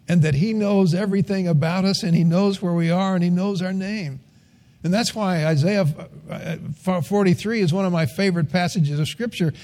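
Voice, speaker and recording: An older man preaching with a mellow, warm tone, his pitch sitting a little high for a man. He tells folksy stories and leans into earnest emphasis. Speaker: pastor. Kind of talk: sermon.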